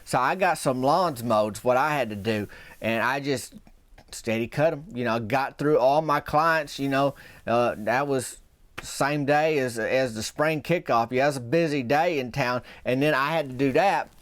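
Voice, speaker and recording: A man's voice: mid-range voice, moderate pace, no echo. A young man with a Southern US accent, hosting a podcast and telling a meandering comic story in a folksy way, often trailing off and starting over. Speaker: podcast host.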